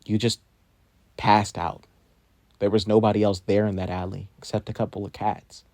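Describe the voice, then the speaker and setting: A man voicing a calm adult paramedic who reasons patiently and firmly. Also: lowish voice, normal speed, dry recording, natural voice.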